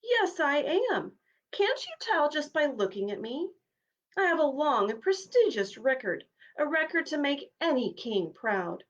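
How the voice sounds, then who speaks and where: Snobbish war horse, male, haughty, woman reading it, high and animated, lo-fi sound. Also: unhurried. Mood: boastful. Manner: haughty, pompous.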